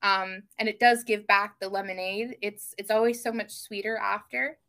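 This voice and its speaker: A young woman guesting on a podcast, telling family stories in casual chat with lively gasps. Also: medium pitch, normal speed. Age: young adult. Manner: animated storyteller, gasps and mimics family voices.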